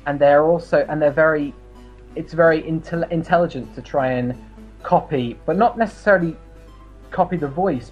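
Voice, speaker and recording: A man's voice: fairly high pitch, muffled recording. A man hosting an online English conversation club, talking casually with many fillers and restarts. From New Zealand.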